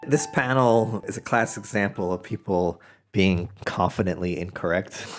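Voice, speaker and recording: A man's voice: low-pitched, moderate pace, soft background music. A man hosting a podcast, explaining at length in a blunt, wry way with sarcastic asides. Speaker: podcast host. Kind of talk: explanatory monologue.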